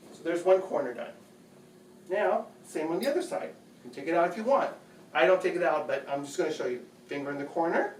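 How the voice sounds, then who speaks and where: A man's voice: high-pitched, a little hiss or hum. Man explaining chores in an echoey room. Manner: chatty, patient, repeats phrases. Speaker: home video host. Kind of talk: casual how-to demonstration. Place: bedroom at home. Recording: echoey room, distant mic.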